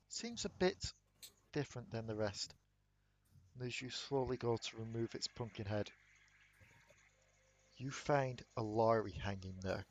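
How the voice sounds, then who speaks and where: A man narrating a tabletop game as game master, in a measured, atmospheric way. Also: lowish voice.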